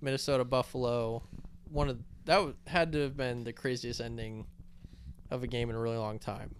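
A man's voice: medium pitch, steady tone, a little hiss or hum. A man co-hosting a sports podcast, moving the talk along in casual chat. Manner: brisk, moving the show along. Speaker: podcast co-host.

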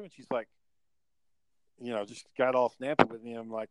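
A man's voice: mid-range voice, fast talker, low-quality recording. A young adult man co-hosting a podcast, telling rambling, profanity-laced stories in casual chat. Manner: profane, rambling, animated storyteller. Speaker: podcast co-host.

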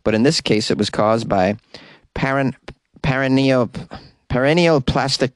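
A man's voice: medium pitch, measured pace, clear, resonant tone, dry recording. A man hosting a comedy news podcast, reading with wry asides and stumbling over hard words. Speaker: podcast host. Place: closet.

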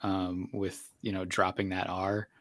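A man's voice: low-pitched, level tone, unhurried, dry recording, studio quality. A man in a casual podcast chat, thoughtfully explaining with many fillers.

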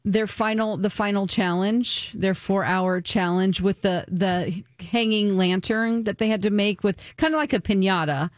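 Female morning radio co-host, medium pitch, talkative and explanatory, dry studio sound. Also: a little slow, few pauses, no echo. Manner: chatty, explains at length. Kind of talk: casual morning radio chat.

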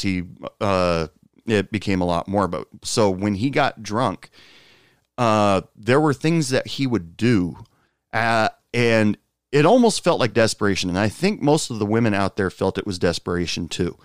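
A man casually telling a long personal anecdote, rambling with fillers and asides, jumping up in pitch when quoting others. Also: normal speed, clear, resonant tone, no room sound, studio quality. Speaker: storyteller.

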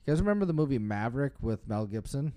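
A young man co-hosting a podcast in relaxed, casual chat, swearing offhandedly and laughing often. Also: mid-range voice, quick pace, clean tone. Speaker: podcast co-host.

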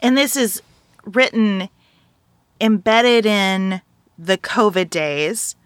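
Woman guest, mid-pitched, dry close sound; thoughtful, a little hesitant. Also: slow pace, clear, resonant tone, dry recording. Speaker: podcast guest. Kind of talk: casual book-review chat.

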